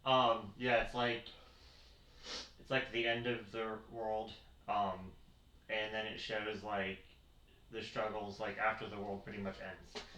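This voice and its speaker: A man in a casual manga chat as the guest, measured and hesitant, with many ums. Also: lowish voice, little pitch movement, pushed and bright. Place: bedroom. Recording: roomy, from far off, faint background hum.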